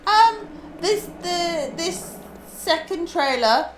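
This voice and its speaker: A woman's voice: extremely high pitch, lively intonation, very slow, roomy sound, a little hiss or hum. A woman co-hosting a gaming stream, chatting frankly and casually and swearing now and then. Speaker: co-host. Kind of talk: casual chat.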